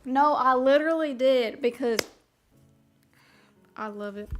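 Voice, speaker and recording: A woman's voice: fairly high pitch, steady tone, takes it slowly, pauses often, fairly bright tone, faint music behind. A young woman streaming and chatting casually with viewers, bubbly and rambling, often giggling. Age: young adult. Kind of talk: casual chat.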